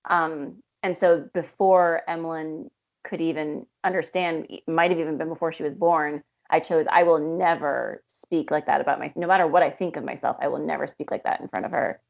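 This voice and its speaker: A woman's voice: low-pitched, fairly even intonation, moderate pace, vocal fry. A woman co-hosting a podcast, talking reflectively and at length. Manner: reflective, rambling. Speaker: podcast co-host. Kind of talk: podcast conversation. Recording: dull lo-fi sound.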